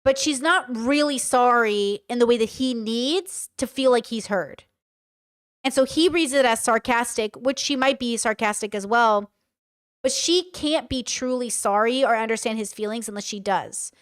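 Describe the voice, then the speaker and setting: A woman's voice: a little high, normal speed, clean tone, no echo, studio quality. A woman streamer reacting to and reading out chat messages in a casual commentary style. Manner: casual, swears while reading.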